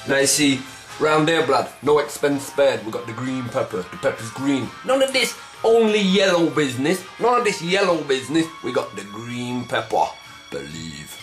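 A man hosting a comic cooking demonstration in swaggering street slang, with a pitch that keeps jumping around. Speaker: comic cooking show host. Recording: echoey room, mic at a distance, faint music.

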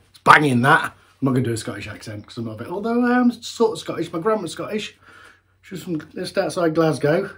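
A man in a casual beer-tasting vlog, chatty and rambling, often correcting himself mid-sentence. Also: on the high side. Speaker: homebrewer reviewing beers.

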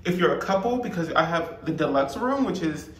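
A man's voice: a little high, expressive, a little fast, a bit bright. A man giving a casual, gushing vlog tour of a hotel room, chatting to viewers and exclaiming over every detail. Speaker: travel vlogger.

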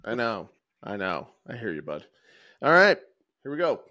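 A man co-hosting a talk podcast, rambling through his points with lots of "um" and "uh" and restarted sentences. His voice sits at an ordinary middle pitch, recorded close and dry with no room sound. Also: very animated, normal speed, sharp tone, no room sound. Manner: rambling, many fillers and restarts. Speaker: podcast co-host. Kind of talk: casual chat.

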